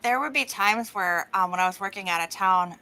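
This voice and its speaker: A middle-aged woman from Oklahoma co-hosting a podcast over a remote call, chatting casually, laughing often and telling lively stories. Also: medium pitch, brisk, rough recording. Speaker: podcast co-host. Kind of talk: casual chat.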